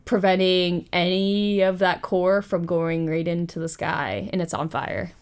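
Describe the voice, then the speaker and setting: A woman hosting a podcast. She retells a story in a casual, animated way, with profane asides. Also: lowish voice, a little slow, clean tone. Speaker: podcast host.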